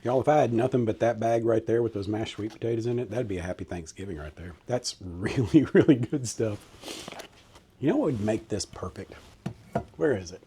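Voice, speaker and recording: A man's voice: fairly low pitch, brisk, mellow, slight background noise. A middle-aged man, casually taste-testing and chatting in a cooking vlog. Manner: folksy, enthusiastic taste-testing. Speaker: cooking vlogger. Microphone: handheld camera mic.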